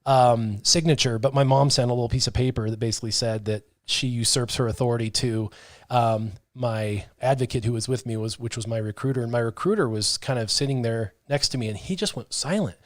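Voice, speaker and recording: A man's voice: medium pitch, a little fast. A middle-aged man hosting a casual chat, telling a long story and voicing the people in it. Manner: animated, acts out the dialogue of people in his stories. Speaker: gaming channel host.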